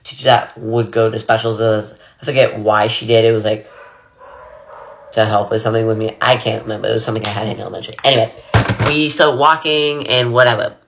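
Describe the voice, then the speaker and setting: Bright-voiced young man rambling a storytime. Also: on the low side, fairly even intonation, quick pace, creaky. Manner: rambling, lots of "like" and "blah, blah". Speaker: vlogger. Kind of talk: casual storytime while getting ready.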